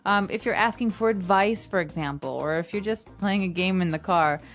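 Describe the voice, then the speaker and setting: A woman's voice: medium pitch, a little fast, faint music behind. Upbeat woman teaching grammar. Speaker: podcast co-host. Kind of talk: casual teaching chat.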